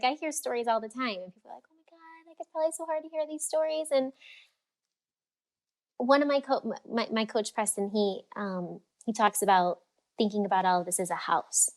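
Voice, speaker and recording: Animated woman coach on a podcast. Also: a little high. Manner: animated, acts out quoted voices. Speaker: freedom and fulfillment coach, guest. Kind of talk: casual podcast interview.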